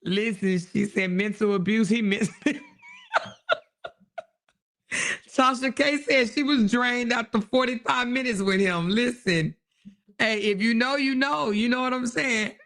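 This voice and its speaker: A woman hosts a casual livestream, reading viewer comments and reacting to them bluntly, with plenty of swearing. Her voice has a rough, gravelly edge. She laughs a lot and drifts off mid-thought. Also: fairly high pitch, unhurried, long pauses, a bit bright. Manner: blunt and profane, laughing often, loses her train of thought. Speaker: livestream host.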